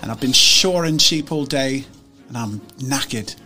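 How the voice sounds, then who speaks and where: A man playing a sturdy eleven-year-old farm boy, with a put-on northern English accent and a slow, drawn-out way of telling things. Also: mid-range voice, pushed and bright, soft background music, pitched below the performer's own voice. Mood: weary.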